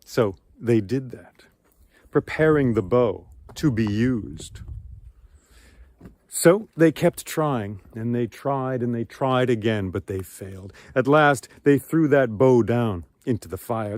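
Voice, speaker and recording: A man's voice: medium pitch, lively intonation, slow pace, a little mellow, dry recording. A man telling an ancient myth outdoors, with dramatic shifts in pace and volume. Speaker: storyteller. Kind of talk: oral storytelling of myth. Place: outdoors among ruins.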